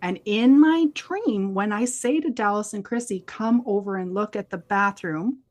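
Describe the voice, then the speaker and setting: A podcast co-host, she has a mid-range voice and talks at normal speed. Her storytelling is lively and conversational, and she performs the dialogue of the people involved.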